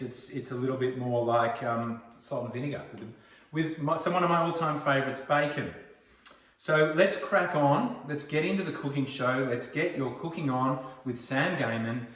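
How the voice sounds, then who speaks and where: A man in his forties with an Australian accent hosts a home cooking video, chatting casually and telling rambling stories. His voice is medium-pitched with a fairly bright tone, recorded with the mic far off in a room with noticeable echo.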